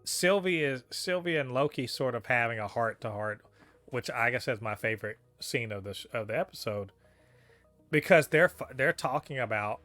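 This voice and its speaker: On a casual review podcast about a TV episode, this male co-host talks with animation and plenty of profanity, laughing a lot and blurting out disbelief. His voice is medium-pitched and a bit bright, and the recording is dry.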